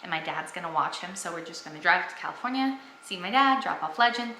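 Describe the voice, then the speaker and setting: A woman's voice: on the low side, expressive, quick pace, pushed and bright, echoey room, a little hiss or hum, rough recording. A young woman vlogging at home, talking earnestly and enthusiastically about her faith to the camera. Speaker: family vlogger. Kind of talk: casual faith talk to camera.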